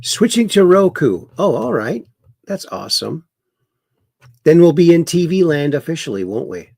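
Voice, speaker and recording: A man's voice: a little high, big pitch swings, moderate pace, gravelly, a little mellow, husky, no room sound, studio quality. A man hosting a casual livestream, reading viewer comments aloud and mocking the news with chuckles. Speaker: livestream host.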